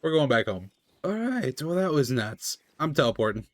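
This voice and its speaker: Excitable young man narrating his gameplay. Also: moderate pace, no echo. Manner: chatty, excitable, jumps into high-pitched panic during fights. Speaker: gaming video creator. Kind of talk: live gameplay commentary.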